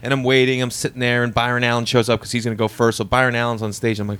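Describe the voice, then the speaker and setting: A man in the middle pitch range tells a story among friends in loose, drunken chat. He swears casually and slips into quoted lines. It takes place in a hotel room. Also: level tone, racing, fairly bright tone, smooth, dry recording. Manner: profane, chatty anecdotes with quoted lines. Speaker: comedian guest.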